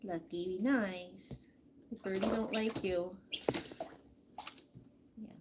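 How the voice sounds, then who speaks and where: A woman vlogging from her backyard farm, chatting casually with viewers and softly coaxing a hen through a soak. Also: mid-range voice, steady tone, unhurried, very noisy. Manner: soft, coaxing talk to an animal. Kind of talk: casual live chat reading comments.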